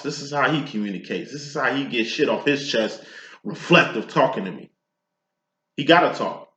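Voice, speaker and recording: A man's voice: mid-range voice, bright, forceful tone, reverberant. A man giving a casual tarot reading in a profane, streetwise and preachy way. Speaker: tarot reader.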